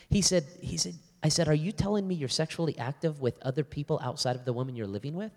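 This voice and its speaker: A man's voice: fairly high pitch, fast, hardly any pauses. Man preaching in a reverberant hall. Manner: animated storyteller, acts out both sides of a dialogue. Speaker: pastor. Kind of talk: church talk with storytelling. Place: church hall before a live audience.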